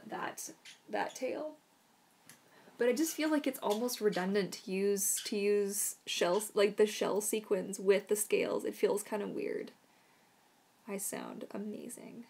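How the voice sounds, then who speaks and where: A woman's voice: medium pitch, gravelly. A woman casually answering viewer questions on a live stream, chatty and rambling, unwell with throat trouble. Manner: chatty, rambling, soothing her dog in whispers.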